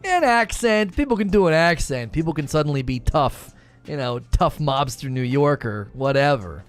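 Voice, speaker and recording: A man's voice: mid-range voice, moderate pace, faint music behind. A man hosting a gaming live stream, talking casually, rambling, joking and repeating himself as he reads chat.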